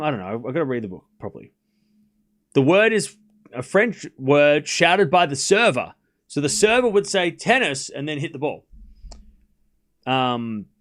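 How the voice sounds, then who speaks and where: A man streaming live tennis commentary, switching between quick play-by-play and rambling, self-correcting chat with his viewers. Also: a little high, a bit bright.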